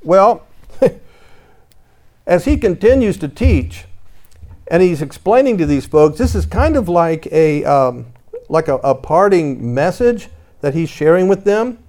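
A man's voice: on the high side, sing-song, slow pace, pauses often, darkish tone. A man preaching a conversational sermon, telling his own story and reading scripture aloud in old-fashioned wording. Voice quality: reads scripture in King James wording.

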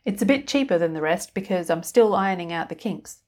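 A woman's voice: on the low side, lively intonation, fairly quick, a little mellow. A woman voicing a grumpy laundromat owner who is awkward with people, speaking in a dry, matter-of-fact way.

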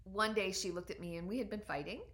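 A woman's voice: mid-range voice, fast, a bit bright. Earnest woman in her forties, storytelling. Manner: earnest and reflective, frequent ums and restarts. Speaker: doctor sharing her personal story. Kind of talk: personal storytelling talk.

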